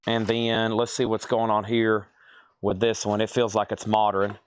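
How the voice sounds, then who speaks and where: A man's voice: fairly low pitch, monotone, normal speed, slight background noise. Man calling prices in a live sale. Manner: calls out prices and buyer names, thinks aloud. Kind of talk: live auction selling.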